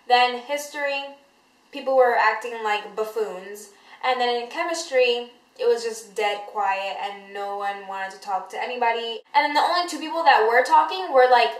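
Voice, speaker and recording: A teenage girl vlogging in a casual, animated way, telling stories full of "like" and "you know". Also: fairly high pitch, moderate pace. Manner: animated storytelling, many likes and you-knows. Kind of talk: casual chatty vlog. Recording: roomy echoey room.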